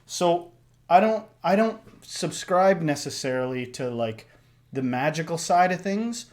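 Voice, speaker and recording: A man hosting a casual reaction discussion, talking in an animated way that swings up and down. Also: measured pace. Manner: animated, shifts pitch and loudness a lot, acts out voices. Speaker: reaction video host.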